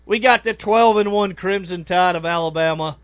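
A man hosts a sports radio show in an upbeat, easygoing way and laughs easily. His voice sits high for a man. The studio sound is dry and close. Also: moderate pace, a bit bright, clean tone, no room sound. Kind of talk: casual sports talk.

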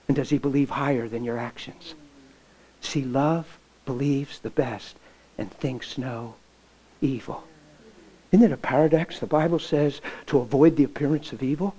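A pastor preaching a sermon with stories, impassioned and folksy, swinging from loud to hushed. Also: male voice, mid-range voice, moderate pace, rough recording. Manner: folksy, plain-spoken. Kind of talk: sermon with storytelling.

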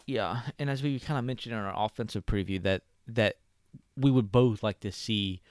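A man's voice: fairly low pitch, moderate pace, no room sound, clean studio sound. A man co-hosting a casual sports podcast, talking in an easygoing, explanatory way. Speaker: podcast co-host.

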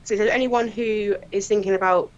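Woman guest, lively storyteller, laughs a lot, voices quotes, slightly dull lo-fi sound. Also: mid-range voice, moderate pace. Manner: animated, laughing storyteller who acts out quotes. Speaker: crime scene investigator guest. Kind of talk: casual anecdote telling.

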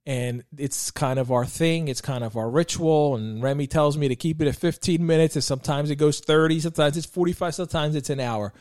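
A man with a slightly higher-pitched voice, recorded close and dry with no room sound. He talks as a podcast host, telling stories from family life and drawing faith lessons from them in an earnest, heartfelt way, often restarting his sentences as he goes. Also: a little fast, hardly any pauses, darkish tone, no echo. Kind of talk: reflective faith talk with personal stories.

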